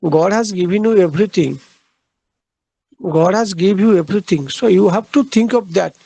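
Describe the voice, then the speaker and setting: A man giving a literature lecture, halting, with frequent fillers and repeated phrases. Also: high voice, creaky, warm tone, slightly rough, no echo, low-quality recording.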